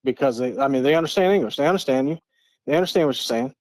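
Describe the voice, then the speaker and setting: A man's voice: mid-range voice, rapid-fire, darkish tone, dry recording. A middle-aged man from Eastern Maryland, a podcast guest telling a story in an earnest, repetitive way, often restarting his phrases. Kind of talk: casual storytelling.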